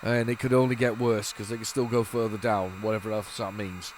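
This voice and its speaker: A man's voice: lowish voice, level tone, a little fast, faint music behind. A man hosting a retro gaming video, chatting casually and rambling as he loads old game tapes, with lots of restarts. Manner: rambling, waffling with many restarts. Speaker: retro gaming channel host. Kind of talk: casual commentary while loading old tapes.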